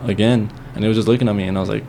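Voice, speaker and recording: A young man with a low voice tells a long, rambling story on a podcast, swearing often and slipping into Spanish now and then. There is faint ambient noise under his voice. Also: steady tone, racing, creaky, warm tone. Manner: rambling, swears freely, mixes in Spanish phrases. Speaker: podcast guest. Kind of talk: casual storytelling chat.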